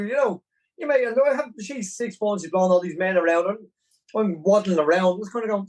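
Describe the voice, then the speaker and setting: A man in his forties with a Dublin Irish accent spins an animated, self-deprecating tale in a fairly high voice. He sits a little back from the microphone. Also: fast, far from the mic, slight background noise, rough recording. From Ireland. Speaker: podcast guest, marathon runner. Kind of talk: casual storytelling interview.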